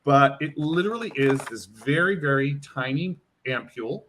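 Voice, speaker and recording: In an animated interview, a male hair care brand educator explains and demonstrates a product, acting out snippets of client dialogue. He speaks at normal speed in a medium pitch, with a little hiss or hum in the audio.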